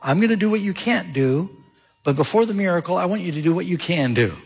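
A preacher acting out Jesus as a calm, commanding teacher, the voice gravelly and a touch higher than average. It is husky and slightly rough, on a dull lo-fi recording. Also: male voice, quick pace, full character voice.

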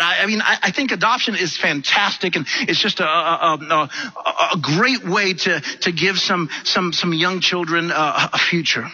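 Brief: male preacher, high, very bright and husky voice, stammering restarts, dull lo-fi sound. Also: moderate pace. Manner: animated, repeats words when starting sentences. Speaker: pastor. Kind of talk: sermon storytelling. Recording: dull lo-fi recording.

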